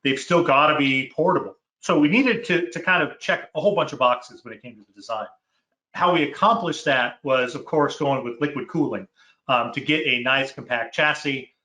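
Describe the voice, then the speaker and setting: Bright-voiced man explaining technical design. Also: medium pitch. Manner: technical, measured explainer with fillers. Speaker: product manager. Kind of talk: casual chat. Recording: roomy echo.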